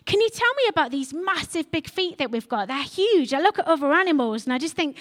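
A curious young male baby camel, as a woman puts him on, pipes up high and eager. His voice sits well above her own and keeps pressing with one question after another. It is told like a storybook fable. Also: big pitch swings, a little fast, a bit bright.

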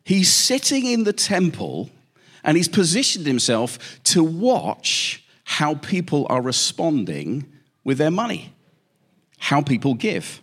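A man preaching a sermon, telling stories with lively emphasis and repeated questions. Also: a little high, slow pace, slightly rough.

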